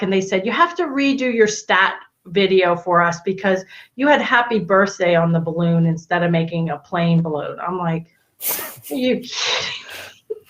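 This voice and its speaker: A woman's voice: on the low side, a bit bright, highs cut off. A middle-aged woman, a guest on an interview, telling long stories in casual chat with lots of fillers and restarts over a video call. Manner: talkative, storytelling with many fillers and restarts. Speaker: guest, autism expert and parent.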